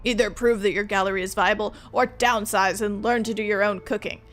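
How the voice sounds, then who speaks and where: A woman's voice: medium pitch, fairly even intonation, brisk, close to an everyday voice. A woman doing a stern rich father scolding his son. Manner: blunt, scolding, loud.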